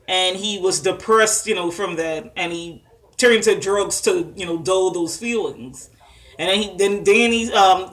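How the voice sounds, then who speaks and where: Bright-voiced woman recapping an episode. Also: a little high. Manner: chatty, many fillers and asides. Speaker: vlogger reviewing a TV episode. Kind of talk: casual recap monologue.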